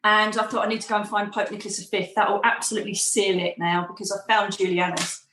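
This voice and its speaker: A woman's voice: medium pitch, fairly even intonation, fast, fairly bright tone, reverberant, a little hiss or hum, poor audio. A middle-aged woman, a podcast guest, telling a personal story animatedly and acting out quoted voices. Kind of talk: storytelling in an interview.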